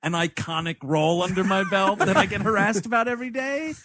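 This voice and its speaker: A man's voice: high voice, brisk, no echo, clean studio sound. A man co-hosting a comedy movie review podcast, talking casually, swearing and laughing a lot. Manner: profane, excitable, laughs often. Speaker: podcast co-host.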